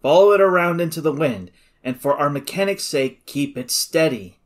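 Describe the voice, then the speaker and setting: A man's voice: fairly high pitch, animated, moderate pace, lightly acted. A man reading aloud, voicing a commanding male officer who gives orders in an urgent, clipped way.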